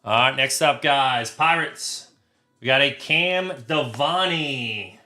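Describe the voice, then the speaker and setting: A man hosting a live trading card break, talking crudely and getting excited, shouting over big pulls. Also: mid-range voice, slow pace, faint music behind.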